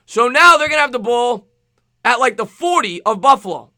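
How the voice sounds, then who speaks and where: A man with a New York accent streaming live play-by-play football commentary, excitable, with rhyming calls and thanks to chat viewers. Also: very high voice, normal speed, no room sound, clean studio sound. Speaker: sports streamer.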